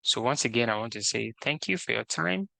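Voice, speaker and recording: Slow gravelly guy walking through a coding lesson, bright tone, dry close mic. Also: mid-range voice, expressive, no echo. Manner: slow, methodical, reads task instructions aloud. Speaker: coding tutor. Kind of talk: screen-recorded coding tutorial.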